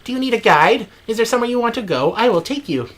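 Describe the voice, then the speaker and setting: A man's voice: extremely high pitch, expressive, fast talker, a bit bright, voice pushed up, exaggerated voice. A man voicing a kind, earnest desert guide in a video game journal reading. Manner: simple earnest phrasing.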